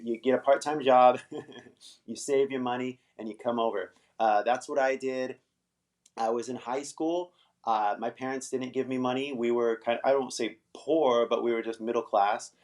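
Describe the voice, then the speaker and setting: An American man hosting a casual live-stream English lesson, loose and chatty, full of fillers, with the odd swear word. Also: mid-range voice. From United States.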